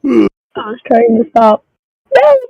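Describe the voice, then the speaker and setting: A man's voice: very high voice, wildly swooping pitch, slow pace, creaky, slightly rough, no room sound. A man chatting casually as a co-host, giggly and self-mocking, who laughs often. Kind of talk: casual chat. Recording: slightly muffled mic.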